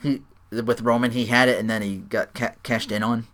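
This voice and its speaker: A man's voice: medium pitch, flat delivery, moderate pace, a bit bright. A man co-hosting a casual podcast, recapping a wrestling show and laughing often. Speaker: podcast co-host.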